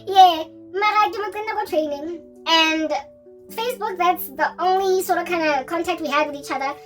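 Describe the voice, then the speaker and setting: Young South African woman with a very high voice, animated storyteller who laughs easily. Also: moderate pace, soft background music. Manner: animated, laughs often, mixes in local languages. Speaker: Christian vlogger. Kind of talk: casual storytelling.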